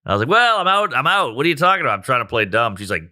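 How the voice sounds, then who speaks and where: A man telling a rowdy story in casual chat, animated and profane, acting out quotes with sound effects. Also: mid-range voice, fast, creaky. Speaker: comedian guest telling a story.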